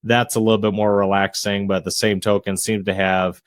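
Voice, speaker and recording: A man who is a real estate investor and realtor, a guest on a casual podcast interview, talking in a measured, introverted way with frequent filler phrases. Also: lowish voice, little pitch movement, clean tone, no echo. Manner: measured, self-described introvert, frequent "you know" fillers. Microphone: podcast microphone.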